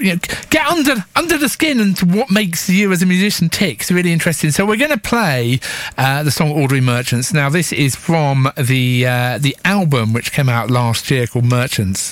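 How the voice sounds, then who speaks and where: A man's voice: fairly high pitch, dry recording. A man presenting a radio show, interviewing a guest in an easygoing, agreeable way and hedging often with "I suppose". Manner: affable and agreeing, hedges with "I suppose".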